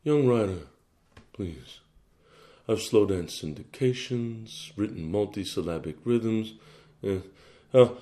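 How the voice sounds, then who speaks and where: A man voicing a disdainful aging male writer who mutters low, slow threats at a younger writer. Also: a little mellow.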